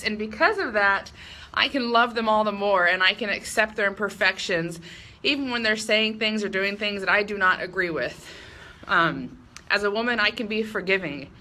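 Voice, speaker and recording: A woman in her thirties speaks in an earnest, candid way, owning up to her own flaws and taking herself lightly. Her tone is bright and clear, and her pitch sits in the middle range for a woman. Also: normal speed. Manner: earnest, candid, self-deprecating with light laughs. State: emotional at moments. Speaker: speaker giving a personal talk. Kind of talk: heartfelt personal speech.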